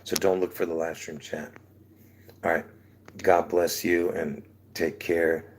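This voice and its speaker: Man, deep low voice, sore throat, casual livestream preaching, rambling, chuckling, repeated "all right?". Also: level tone, slow. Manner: rambling, keeps asking "all right?", chuckles between phrases. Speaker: online preacher hosting his channel.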